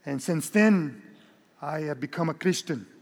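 A humble former camp guard speaking with a German accent and asking forgiveness, as a preacher puts him on. The voice sits a bit high and carries a long hall reverb. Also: male voice, expressive, measured pace, vocal fry, a little mellow, heavily acted. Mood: pleading. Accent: put-on German.

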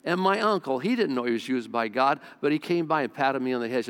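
A man's voice: mid-range voice, animated, quick pace, a bit bright, clear, resonant tone, big-room sound. An older man preaching a sermon in church, telling personal stories earnestly and repeating words for emphasis. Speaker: pastor. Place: church sanctuary.

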